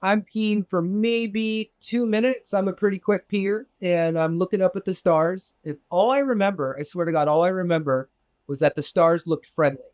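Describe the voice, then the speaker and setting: A man from Southern California telling a personal story as an interview guest, animated and profane, acting out the voices of others in it. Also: moderate pace, no echo. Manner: animated, profane, acts out quoted exchanges with big pitch jumps. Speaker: interview guest recounting a UFO experience. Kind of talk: casual storytelling.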